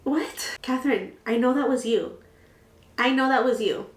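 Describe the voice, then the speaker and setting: A woman in her twenties telling a dramatic storytime vlog, animated and full of swearing. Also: on the high side, moderate pace. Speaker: vlogger. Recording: echoey room.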